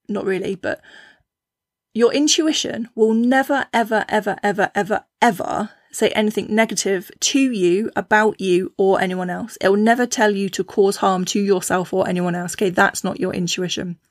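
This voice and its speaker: A woman talks in a chatty, easygoing way, often restarting her sentences and slipping into lively voices when she quotes people. Her voice sits at a middle pitch, and the recording is dry and close with no room sound. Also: no echo. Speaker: podcast host. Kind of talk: casual spiritual talk.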